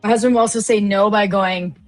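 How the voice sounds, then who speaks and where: A woman's voice: mid-range voice, steady tone, fairly quick. A woman co-hosting a live trading stream, chatting casually and playfully. She tells little stories and mimics her relatives along the way. Faint music plays under her voice. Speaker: live trading show co-host. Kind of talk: casual chat.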